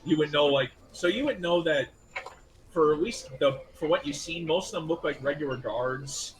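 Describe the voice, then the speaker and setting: Fairly high-voiced male game master. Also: slight background noise, low-quality recording. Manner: casual, loose, with restarts and quick figure voices. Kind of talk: narrating a tabletop game over voice chat.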